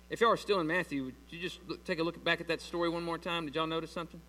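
A high, bright-toned man in his thirties delivers a sermon to his congregation, talking to them in a loose, chatty way. His voice carries a long reverb from the church hall, with a low mains hum under it. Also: fairly even intonation, rapid-fire, hardly any pauses. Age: 30s. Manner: conversational preaching with loose grammar, addresses congregation as y'all. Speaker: pastor.

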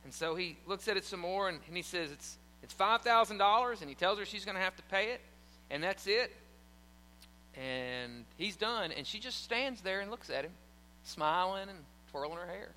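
Man preaching, high voice, animated storyteller, long church reverb. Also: moderate pace, a little hiss or hum. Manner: animated storytelling, acting out quotes. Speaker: pastor. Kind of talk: sermon.

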